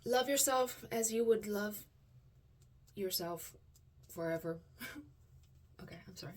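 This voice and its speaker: A woman vlogging to her viewers, reciting affirmations, dropping to hushed murmurs and rising to loud excited bursts, often laughing. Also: medium pitch, unhurried, long pauses. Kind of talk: personal vlog with affirmations.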